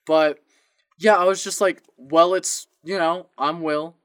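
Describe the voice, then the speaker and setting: Young male podcast co-host, animated storyteller who acts out both ends of each call. Slightly high voice, dry close sound. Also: unhurried, no echo. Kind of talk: casual storytelling.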